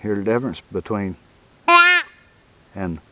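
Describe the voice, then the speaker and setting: Older man, lowish voice, easygoing rambling how-to talk with chuckles. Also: a little slow, a little mellow, dry recording, faint music behind. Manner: folksy, rambling, chuckles often. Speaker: coyote hunting instructor. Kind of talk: casual outdoor teaching.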